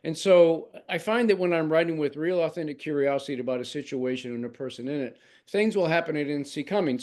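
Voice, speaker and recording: A man's voice: fairly high pitch, a little mellow. A man in his sixties, a novelist, telling a long story in an interview with many restarts and asides. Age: 60s.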